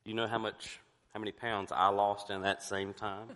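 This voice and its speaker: A man's voice: lowish voice, flat delivery, moderate pace, fairly bright tone, smooth, big-room sound. A middle-aged male pastor preaching a sermon with emphatic rhetorical questions, fighting through a cough. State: coughing, fighting to get words out.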